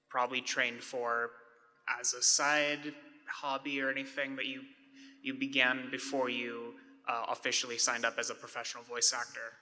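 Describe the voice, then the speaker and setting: A man's voice: medium pitch, bright, forceful tone, in a large hall. A man in a convention audience asking a question, casual and hesitant, with many fillers.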